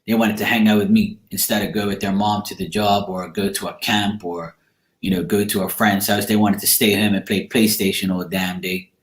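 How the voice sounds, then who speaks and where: A man's voice: fairly low pitch, flat delivery, normal speed. A man chatting casually to camera, rambling and blunt, with casual swearing. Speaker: tarot reader. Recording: echoey room.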